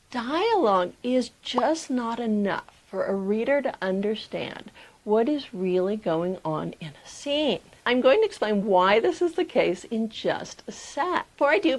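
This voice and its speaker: A woman coaching memoir writers, giving a clear, emphatic lesson straight to camera. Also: a little high. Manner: emphatic, clear teaching delivery. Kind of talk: instructional talk to camera.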